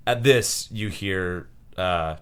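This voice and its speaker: A man narrating as game master, relaxed and unhurried, with lots of ums. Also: sits low, clear, resonant tone.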